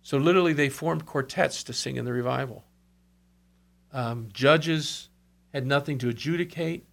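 A man's voice: mid-range voice, moderate pace, creaky, fairly bright tone. A man telling revival stories in conversation, earnest, with asides and quoted speech. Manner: earnest storyteller, quotes others, brief asides. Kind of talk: storytelling in conversation.

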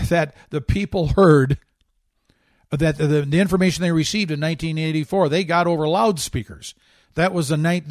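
A man's voice: fairly high pitch, darkish tone, no room sound, clean studio sound. A man hosting a talk radio show, delivering a fervent, emphatic political monologue with a preachy edge, a bit out of breath.

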